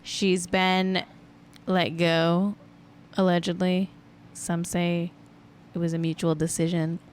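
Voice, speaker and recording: A woman's voice: on the low side, level tone, slow, a little hiss or hum. A woman hosting a casual celebrity gossip show, chatty and amused, peppering her talk with "like". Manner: chatty and amused, heavy use of "like". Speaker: podcast host.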